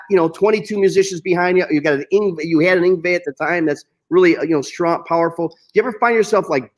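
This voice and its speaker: A man's voice: a little high, low-quality recording. A man hosting a casual chat over a video call, asking long, loose questions packed with fillers. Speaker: host.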